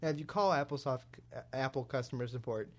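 A man's voice: mid-range voice, a little fast. A young man co-hosting a casual talk show, telling a story and acting out both sides of a phone call. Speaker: podcast co-host.

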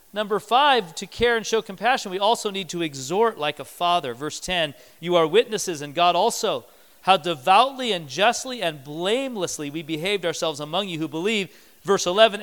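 High-voiced male preacher in a reverberant hall. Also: fairly bright tone, smooth. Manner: conversational preaching with acted-out quotes. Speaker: pastor. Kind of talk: sermon.

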